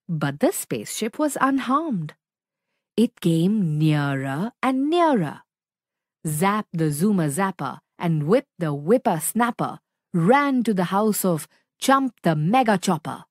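A woman reading a children's story aloud in a slow, expressive storytelling manner. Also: on the low side, dry recording, clean studio sound. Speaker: storybook reader.

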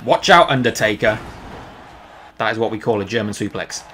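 A man streaming live gameplay, reacting with excited, jokey commentary. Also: lowish voice, normal speed, long pauses, a little hiss or hum. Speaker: game streamer.

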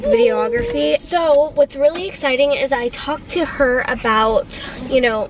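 A woman's voice: fairly high pitch, slight background noise, low-quality recording. Gushing, emotional pregnant young woman. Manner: gushing and emotional, rambling with many fillers. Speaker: family vlogger. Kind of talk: casual vlog chat.

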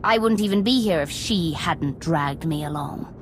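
An actress playing a bitter, vengeful young empress in a video game, scornful and cutting. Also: female voice, low voice, normal speed, a little hiss or hum, lightly acted.

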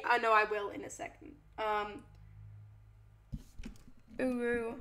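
Bright, high-voiced playful woman streamer. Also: normal speed, pauses often. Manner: playful, chatty, reads chat aloud and answers it. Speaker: live streamer. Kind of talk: casual live-stream chat.

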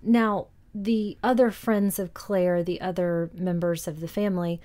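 A woman's voice: lowish voice, level tone, a little slow, dark tone. A woman co-hosting a film podcast, recapping scenes in detail in a casual discussion and laughing easily. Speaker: podcast co-host.

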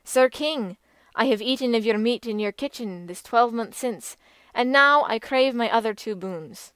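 A woman voicing a calm, steadfast young knight. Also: fairly high pitch, moderate pace, clean tone, no echo, close to an everyday voice. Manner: calm and resolute. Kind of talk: audiobook reading.

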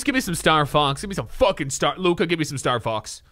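A male streamer chatting excitedly to his live chat, loud and swearing, reacting and thanking viewers. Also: mid-range voice, brisk, hardly any pauses, dry recording, clean studio sound.

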